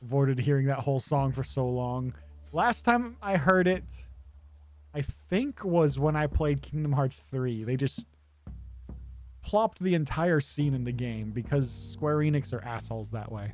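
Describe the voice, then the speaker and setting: A man's voice: medium pitch, animated, measured pace, a little mellow. A man streaming a game, making wry offhand asides in casual commentary. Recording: faint music behind.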